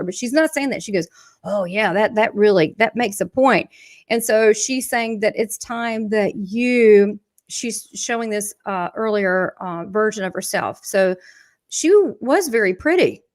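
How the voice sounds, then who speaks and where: A woman with a Southern US accent, a psychic medium chatting and laughing as she passes on spirit messages. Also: on the high side. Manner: chatty, laughs often, relays quotes from spirit. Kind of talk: live medium reading.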